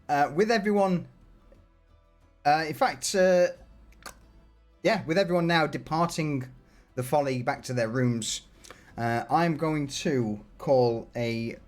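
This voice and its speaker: Animated man running a tabletop game. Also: on the high side. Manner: laughing often, animated, quick asides. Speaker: game master.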